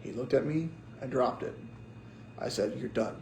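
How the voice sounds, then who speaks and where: A young man, a pastor, telling lively stories in a casual sermon and acting out what people said. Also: medium pitch, moderate pace, roomy sound, low-quality recording. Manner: animated storyteller acting out quotes.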